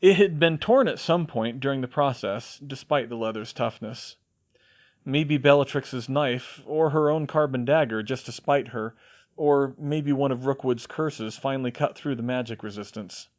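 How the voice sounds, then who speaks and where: A man narrating a fan fiction audiobook in an expressive reading voice. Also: mid-range voice, moderate pace. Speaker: audiobook reader.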